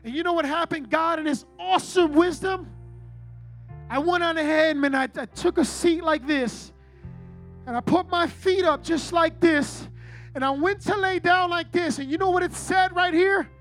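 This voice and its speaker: A man preaching a sermon, telling his own jail testimony in an animated way and often asking the congregation "right?". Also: very high voice, moderate pace, soft background music. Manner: animated storytelling, frequent "right?" to the audience.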